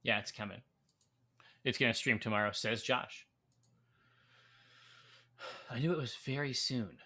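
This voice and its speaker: A man's voice: mid-range voice, measured pace, pushed and bright. A man co-hosting a live brewing stream, chatting casually with many fillers and restarts. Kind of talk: casual chat while reading viewer comments.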